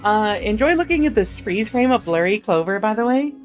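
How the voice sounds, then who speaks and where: A woman's voice: medium pitch, lively intonation, brisk, soft background music. A woman streamer chatting casually with her viewers during a live game stream.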